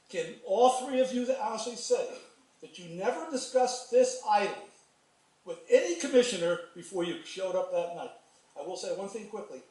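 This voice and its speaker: A man's voice: high-pitched, a little mellow. A man giving a pointed, accusing public comment at a city meeting. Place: city commission meeting hall. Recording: echoey council chamber, distant mic.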